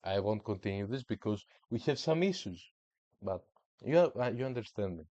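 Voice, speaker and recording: A man's voice: on the low side, animated, moderate pace, warm tone, no echo, dull audio. A man giving casual, hyped commentary while streaming a football management game, with playful, slangy trash talk. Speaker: gaming streamer.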